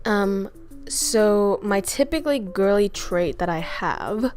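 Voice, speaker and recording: A woman streamer answering viewer questions in a casual chat, frank and crude in her joking and quick to laugh. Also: medium pitch, lively intonation, a little mellow, soft background music. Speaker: VTuber streamer.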